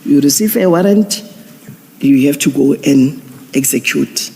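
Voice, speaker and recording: A man, a police general giving formal testimony at an inquiry, measured and procedural with frequent restarts. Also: a little high, vocal fry, warm tone. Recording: long hall reverb.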